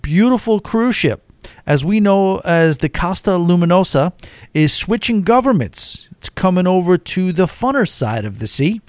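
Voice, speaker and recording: A man's voice: on the high side, a little mellow, dry recording. A man hosting a solo cruise talk show, rambling chattily from one topic to the next. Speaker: cruise podcast host.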